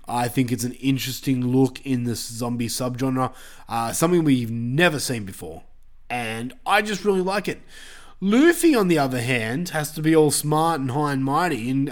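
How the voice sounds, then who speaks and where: A man's voice: medium pitch, lively intonation, normal speed. A man hosting a podcast, chatting loosely with lots of fillers and casual swearing. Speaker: podcast host.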